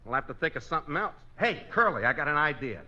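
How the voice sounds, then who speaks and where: A man playing a joking sidekick with rapid wisecracks in 1940s radio comedy. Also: on the high side, very animated. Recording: dull lo-fi old radio, faint hiss.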